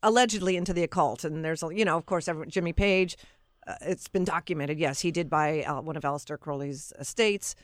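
A woman's voice: sits low, fast talker, no echo. A woman who is a guest author, chatting and cutting in with stories. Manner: chatty, cuts in. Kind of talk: casual interview chat.

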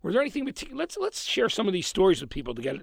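A man hosting a podcast and interviewing guests in a rambling, excitable way. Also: high voice, very fast, gravelly, no echo, studio quality. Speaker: podcast host. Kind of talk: casual interview chat.

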